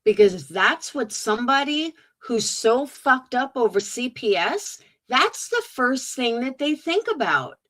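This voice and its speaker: A woman's voice: a little high, big pitch swings, measured pace, few pauses, a bit bright. A woman streamer giving sarcastic, mocking commentary on clips.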